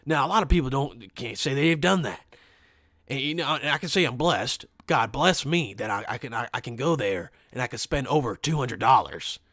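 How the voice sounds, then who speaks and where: A man's voice: medium pitch, lively intonation, normal speed, fairly bright tone, no echo, studio quality. A man voicing a boastful old male spa customer who rambles in a folksy, bragging way.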